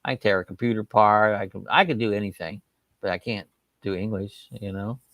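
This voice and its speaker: A man's voice: on the low side, steady tone, fairly quick, a bit bright, no echo, studio quality. A middle-aged man hosting a casual livestream chat, reading out viewer comments in a folksy, rambling way with a loose, chuckling delivery. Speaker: livestream host.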